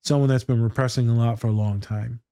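A man's voice: medium pitch, steady tone, fast, dark tone, clear, resonant tone, dry recording, clean studio sound. A man working as a therapist, talking casually and bluntly about a TV scene and telling stories, with plenty of swearing. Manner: blunt, profane, storytelling. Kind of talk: casual reaction chat.

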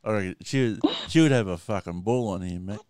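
Smooth-voiced Australian man hosting a live stream. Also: fairly low pitch, quick pace, darkish tone, no room sound, studio quality. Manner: swears casually, chatty. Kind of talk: casual live stream chat.

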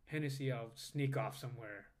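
A man's voice: medium pitch, normal speed. A man co-hosting a casual podcast chat, loose and joking, laughing often. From United States. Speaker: podcast co-host.

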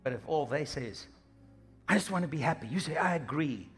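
A man with a high voice preaches a lively, humorous sermon. He acts out little scenes in passing, with faint music underneath. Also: a little fast, breathy edge. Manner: animated, humorous preaching with acted-out asides. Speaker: pastor.

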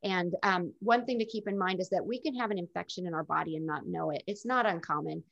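A middle-aged woman speaks candidly and reflectively as an interview guest. Her voice has a gravelly, creaky edge. The recording is dull and lo-fi. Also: fairly low pitch, fast, a bit bright. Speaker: guest telling her illness story. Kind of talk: casual interview storytelling.

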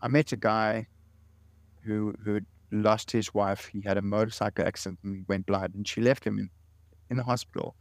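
Earnest man in his late 40s, low voice. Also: fairly even intonation, moderate pace, no echo. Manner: earnest storytelling with many repeated words. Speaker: guest. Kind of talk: interview conversation.

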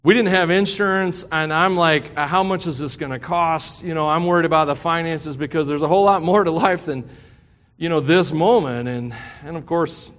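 A middle-aged man preaches from the pulpit, with a voice that sits somewhat high for a man. He moves from a personal story into fervent, impassioned preaching. His words ring out with a long reverb, as if in a large hall. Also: fairly bright tone. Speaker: pastor. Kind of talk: sermon.

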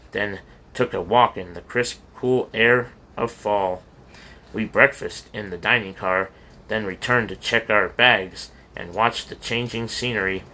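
A man narrates a memoir in a low-pitched but bright, forward voice. His reading is earnest and heartfelt, with the odd slip and restart, like someone reading aloud at home rather than a polished studio pro. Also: slight background noise. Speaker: audiobook reader.

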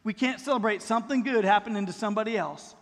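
Middle-aged pastor guy, very high voice, chatty sermon with lots of questions, long church reverb. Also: fast talker, fairly bright tone. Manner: conversational preaching with rhetorical questions. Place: church sanctuary. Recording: long reverb in a large hall.

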